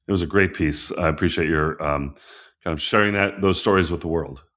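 A man's voice: low-pitched, fairly quick, fairly bright tone. A man hosting an interview, asking questions and affirming his guest's answers. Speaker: interviewer host. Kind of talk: conversational interview.

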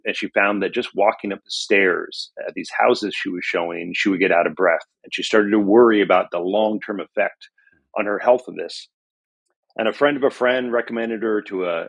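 A man's voice: on the low side, breathy edge. A middle-aged man being interviewed as an author, reflective and storytelling, with frequent fillers. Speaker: author and journalist guest. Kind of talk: conversational interview.

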